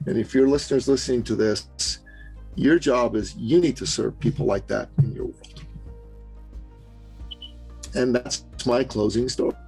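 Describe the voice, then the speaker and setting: A middle-aged man from Canada, a business coach guest on a podcast, telling a story in an animated, emphatic way and acting out the quotes. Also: medium pitch, moderate pace, long pauses, breathy edge, faint music behind, rough recording. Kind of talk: storytelling in an interview.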